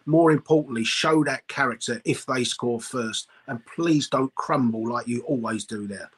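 A man's voice: medium pitch, normal speed, husky. A man, a guest on a fan podcast, talking in an earnest, pleading way. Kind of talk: casual chat.

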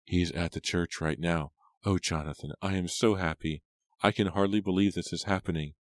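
A man voicing a gentle, anxious young woman in an audiobook, soft-spoken and loving. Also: low-pitched, steady tone, moderate pace, no echo, close to an everyday voice. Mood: happy.

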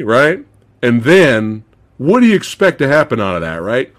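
A male podcast host chatting casually about a movie, animated, swearing freely, laughing often and acting out movie lines. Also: medium pitch, moderate pace. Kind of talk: casual movie review chat.

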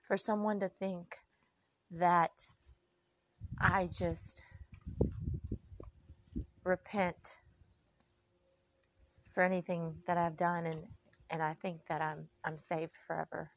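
A middle-aged woman giving an emotional personal testimony, slow and heartfelt with faith-filled sighs and pauses. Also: on the low side. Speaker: vlogger.

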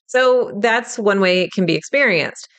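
A middle-aged woman teaches in a relaxed, chatty monologue. She often laughs and acts out inner thoughts in a livelier voice. Her tone is smooth and clear, sitting at an ordinary middle pitch. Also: moderate pace. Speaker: intuitive development teacher.

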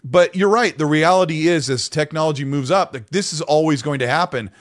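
A man co-hosting a casual podcast, telling stories in an animated, rambling way with many restarts. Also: a little high, fairly quick. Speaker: podcast co-host.

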